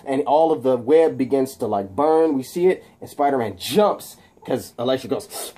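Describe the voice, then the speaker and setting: A man casually retelling a movie fight scene, animated and shouting sound effects, with many fillers. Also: mid-range voice, normal speed, few pauses. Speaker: video host recapping a film.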